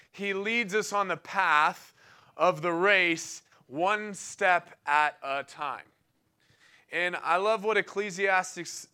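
Young male preacher, casual and excitable, clear bright voice, laughs a lot mid-story. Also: high-pitched. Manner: casual and enthusiastic, laughing often between phrases. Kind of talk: sermon with personal storytelling.

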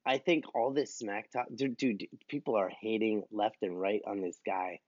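A man co-hosting a casual podcast chat, animated and quick to laugh, rambling between topics. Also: lowish voice, no echo, muffled recording. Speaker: podcast co-host.

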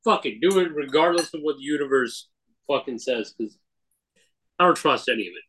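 A man's voice: mid-range voice, expressive, fairly quick, sharp tone, rough recording. A man co-hosting a podcast in casual chat, blunt and emphatic, swearing as he talks. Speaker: podcast co-host.

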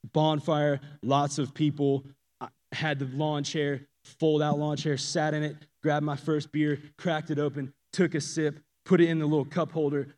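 A man giving a casual, animated personal testimony to a church audience, swinging from loud emphasis to hushed asides. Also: a little high. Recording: long reverb of a large hall.

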